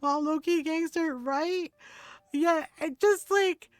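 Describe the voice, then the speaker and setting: A woman's voice: very high-pitched, slow, no echo. A middle-aged woman streamer telling family stories casually while gaming, laughing often and swearing freely.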